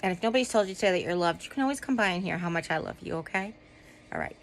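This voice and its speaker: A woman's voice: on the low side, animated, rapid-fire, a little hiss or hum, rough recording. Chatty rambling woman vlogger. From United States. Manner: rambling, chatty, with many ums and asides. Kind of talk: casual chat to camera. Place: lying down at home.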